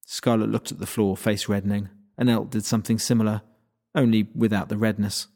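A man reading a fantasy audiobook aloud in steady scripted narration. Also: fairly low pitch, brisk.

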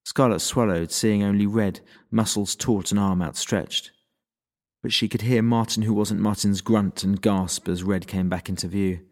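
A man narrating an audiobook in a measured, dryly wry storytelling manner. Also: on the low side, steady tone, a little mellow.

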